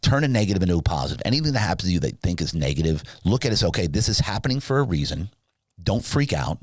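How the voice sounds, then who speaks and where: A man, a guest on an interview podcast, telling a long personal story in a casual, animated way and acting out the people in it with sudden high pitch jumps. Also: very fast, no echo. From Southern California. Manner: animated, acts out dialogue with big pitch jumps. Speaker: podcast guest, sleep business founder.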